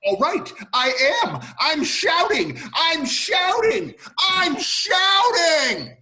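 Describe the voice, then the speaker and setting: Bright, lively man hamming up a script read. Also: extremely high pitch, drawn-out words. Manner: playful, hammy line reading. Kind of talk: casual table read of a film script.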